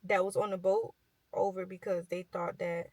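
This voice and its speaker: A woman's voice: fairly low pitch, flat delivery, moderate pace, no echo, rough recording. A young woman vlogger chatting as she retells a Bible story, with lots of fillers and slang.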